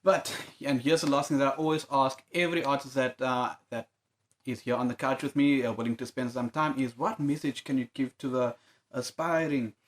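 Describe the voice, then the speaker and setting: A man's voice: mid-range voice, a little fast. Male interview host asking questions. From South Africa.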